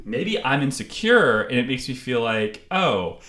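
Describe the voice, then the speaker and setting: A male podcast host chatting off the cuff, joking and needling his guest with quick asides. His voice sits at an everyday middle pitch for a man. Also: sing-song, bright, forceful tone. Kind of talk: casual chat.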